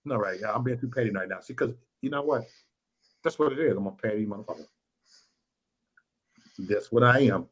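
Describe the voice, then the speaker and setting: A man's voice: fairly low pitch, brisk, long pauses, fairly bright tone, poor audio. A man hosting a late-night livestream, talking crude, boastful and petty, and repeating his phrases. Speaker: livestream host.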